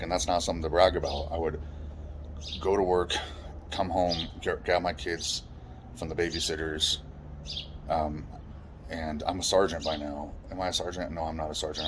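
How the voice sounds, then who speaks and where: Very deep-voiced man, blunt and profane. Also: noisy background. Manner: blunt, swears often. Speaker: storyteller recounting his life. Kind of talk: personal life story monologue.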